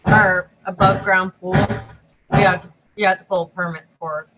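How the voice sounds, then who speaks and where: A woman's voice: fairly low pitch, steady tone, moderate pace, muffled recording, over music. A woman in a casual chat with friends, blunt and casually swearing.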